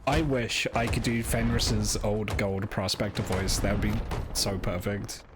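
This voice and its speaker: A man's voice: lowish voice, little pitch movement, unhurried, background noise. A man chatting on a gaming stream, laid-back and self-deprecating. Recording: gameplay sound under the voice.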